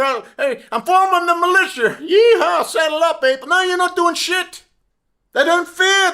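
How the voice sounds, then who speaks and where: A man's voice: very high voice, fairly bright tone. A man delivering an angry, profane, sarcastic commentary monologue, repeating rhetorical questions. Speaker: political commentator.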